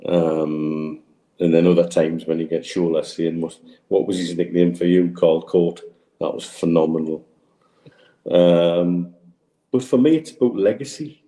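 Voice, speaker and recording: Deep-voiced man musing on a podcast. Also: steady tone, measured pace, warm tone, echoey room. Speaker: podcast panelist. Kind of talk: casual podcast talk.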